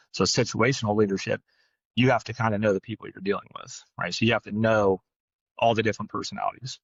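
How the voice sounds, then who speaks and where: Fast-talking blunt man, low voice. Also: fairly bright tone, no room sound, lo-fi sound. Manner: fast, blunt, peppered with "right?"; swears casually. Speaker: podcast co-host, dog trainer. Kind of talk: casual podcast storytelling.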